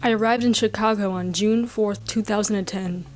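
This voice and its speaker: A woman in her thirties telling a comic story, rambling and breaking off with quick asides. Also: medium pitch, steady tone, loud music behind the voice. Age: 30s. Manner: rambling, self-interrupting, giggly asides.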